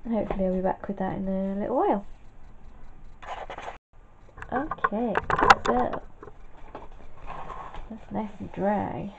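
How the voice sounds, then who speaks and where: A woman's voice: mid-range voice, takes it slowly, vocal fry, pauses often. A tired woman chatting and mumbling as she paints in a casual crafting tutorial. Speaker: craft vlogger. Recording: tinny phone-like sound, faint noise.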